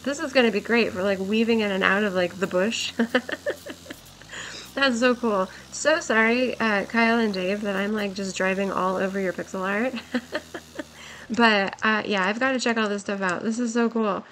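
A young woman giving excited, giggly commentary while playing a game, her voice worn from a long stream. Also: medium pitch, normal speed, slight background noise. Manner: gushing, giggly, exclaims often. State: voice nearly gone, worn.

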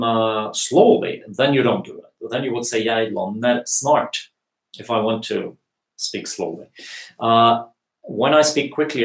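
Creaky-voiced man teaching from home. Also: mid-range voice. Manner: explains patiently, many fillers and restarts. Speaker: language teacher. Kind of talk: live Q&A lesson. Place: home room at dusk. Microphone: earphones with mic. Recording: echoey room.

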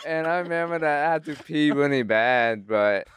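A young man, telling a story on a podcast in a halting, laid-back way full of fillers. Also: fairly high pitch, lively intonation, fairly bright tone, slight background noise. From Texas. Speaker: comedian and rapper, podcast guest.

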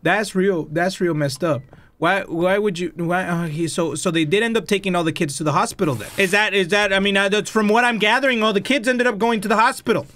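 A young man doing let's-play commentary of a horror game, loud and jumpy, swearing and breaking into Spanish exclamations. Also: high voice, a little fast. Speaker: gaming YouTuber.

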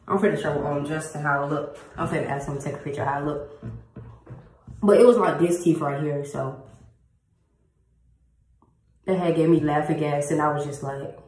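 A young woman chatting in a casual vlog, slangy and blunt with plenty of swearing, her jaw numb after a tooth was pulled. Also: sits low. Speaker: vlogger. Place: at home, indoors. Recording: echoey room with faint noise.

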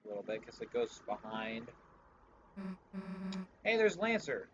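A man giving casual gameplay commentary, swearing and reacting loudly to what happens, with game music behind. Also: on the low side, sing-song, measured pace, dull audio, slight background noise. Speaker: let's player.

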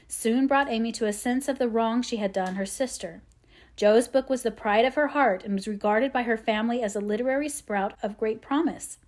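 A woman reads a classic novel aloud as an audiobook, in a measured and expressive way. Her voice sits slightly high for a woman. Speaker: audiobook reader. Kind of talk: scripted narration.

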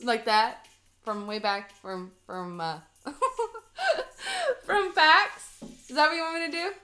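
A woman's voice: a little high, animated, slow, bright, forceful tone. A woman in her thirties chatting casually and bubbly to her live stream while baking at home. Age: 30s. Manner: bubbly, giggly, rambling.

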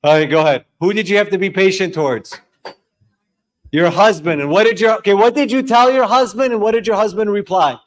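A young man leading a live group discussion before an audience in a room, telling stories and questioning the room in an animated way. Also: high-pitched, a little fast. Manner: animated, storytelling, quizzing the audience. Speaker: discussion leader.

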